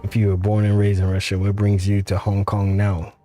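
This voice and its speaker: Man reading game player character, direct, matter-of-fact, low mellow voice. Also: completely flat delivery, a little fast, soft background music, lightly acted.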